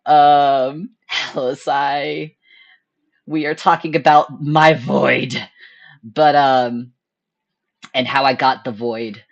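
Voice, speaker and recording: A young woman hosting a charity stream, telling a story in casual chat, animated and laughing often as she acts out her own thoughts. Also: very deep voice, takes it slowly, pauses often, highs cut off.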